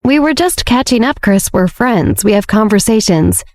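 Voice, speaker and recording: A woman reading calm careful young woman, soft spoken, dry close sound. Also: mid-range voice, normal speed, dry recording, close to an everyday voice. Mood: defensive. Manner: careful, gentle. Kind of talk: audiobook character voice.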